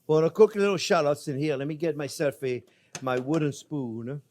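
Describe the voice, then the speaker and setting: A man's voice: a little high, moderate pace, darkish tone, slight background noise. An older man hosting a cooking show, chatting playfully with viewers as he cooks. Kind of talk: casual cooking demonstration.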